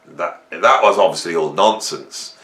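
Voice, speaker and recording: A man in his fifties hosting a casual monologue, rambling and humorous as he tells animated stories. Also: sits low, measured pace. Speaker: host. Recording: roomy echo.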